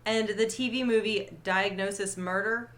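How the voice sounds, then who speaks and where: A woman's voice: mid-range voice, fairly even intonation, moderate pace, fairly bright tone. A woman co-hosting a casual podcast, chatty and laughing often. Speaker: podcast co-host.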